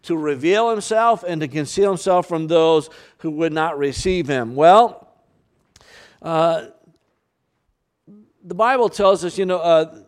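A man preaching a sermon to his church, earnest, with frequent fillers, sometimes slowing for scripture and sometimes rushing. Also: fairly high pitch, expressive. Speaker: pastor.

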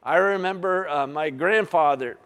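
An older man preaching a sermon, halting and full of uh fillers and restarts. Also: on the high side, fairly bright tone, clear, resonant tone, long reverb tail. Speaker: pastor.

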